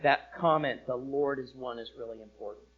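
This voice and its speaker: A man preaching a sermon as pastor, with expressive delivery that rises for emphasis and drops low. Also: normal speed, husky, narrow, tinny audio. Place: church sanctuary.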